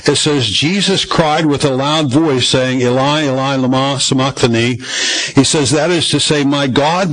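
A man's voice: on the high side, a bit bright, husky, low-quality recording. A man preaching a sermon from the Bible, conversational, with many fillers and repeated phrases. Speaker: pastor.

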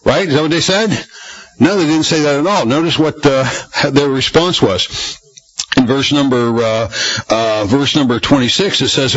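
Male pastor, chatty sermon full of rhetorical questions, husky voice, dull lo-fi church recording. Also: mid-range voice, moderate pace, a bit bright, no room sound. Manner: conversational, rambling with rhetorical questions.

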